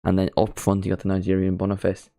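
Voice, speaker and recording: Chatty Irish teen streamer. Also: male voice, low voice, completely flat delivery, fast, gravelly, dark tone, no echo, clean studio sound. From Ireland. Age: teens. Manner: chatty, rambling, self-mocking. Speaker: football watchalong streamer. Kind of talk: casual live-stream chat.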